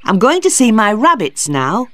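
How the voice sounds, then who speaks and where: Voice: medium pitch, huge pitch swings, normal speed, bright, forceful tone, no room sound, pitched above the performer's own voice. A storybook narrator voicing a proud, curt eleven-year-old boy with plain, firm lines. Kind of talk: storybook reading for learners.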